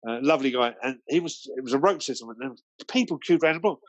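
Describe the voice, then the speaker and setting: A man's voice: medium pitch, expressive, fast, no room sound, highs cut off. A man from Britain, a guest DJ, telling anecdotes in a rambling way full of fillers and restarts. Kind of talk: anecdotal storytelling in a conversation.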